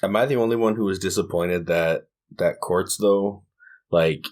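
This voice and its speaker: A man's voice: deep voice, moderate pace, a little mellow. A man co-hosting a casual gaming podcast, laid-back and chuckling often. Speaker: podcast co-host.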